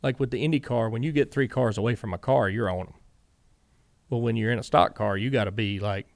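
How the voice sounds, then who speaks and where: A middle-aged former racing crew chief with a Southern US accent tells long, rambling stories as a guest in a casual interview, quoting himself and others. His gravelly voice is lowish and a little fast, captured in a dry, clean studio recording.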